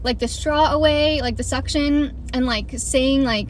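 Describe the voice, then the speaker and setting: A woman's voice: sits high, normal speed, slight background noise. A woman telling a casual storytime, chatty and full of fillers, laughing and swearing as she goes. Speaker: vlogger.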